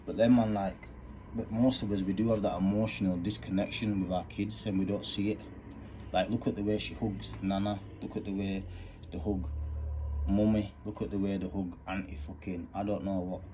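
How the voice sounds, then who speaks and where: Earnest man, thirties, deep mellow voice, faint background hiss, casual monologue. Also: flat delivery, moderate pace. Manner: earnest, rambling, street slang. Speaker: vlogger. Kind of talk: candid monologue.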